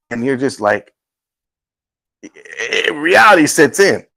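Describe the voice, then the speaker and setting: Fields: Sex: man. Role: talk show host. Style: casual testimony chat. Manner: earnest, halting, acts out quotes. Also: mid-range voice, very animated, vocal fry, a bit bright, soft background music, low-quality recording. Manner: earnest, halting storytelling with restarts.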